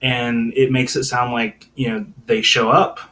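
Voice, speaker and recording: A man's voice: medium pitch, flat delivery, measured pace, pushed and bright, rough recording. A man giving informal Bible teaching in a casual, thinking-aloud manner, with frequent fillers and restarts.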